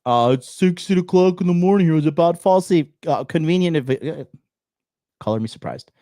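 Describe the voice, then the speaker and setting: A man's voice: fairly high pitch, animated, brisk, warm tone, no echo, clean studio sound. A young man hosting a live call-in show, giving blunt, profane commentary on a clip. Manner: blunt and profane, loose and swaggering.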